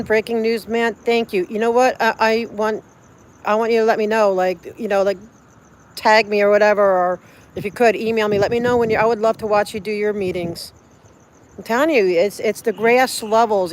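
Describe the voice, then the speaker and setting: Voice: medium pitch, a little hiss or hum. Effusive rambling livestreamer outdoors at night. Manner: effusive, rambling, many restarts. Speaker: livestreamer reading viewer chat. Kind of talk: casual live-stream chat.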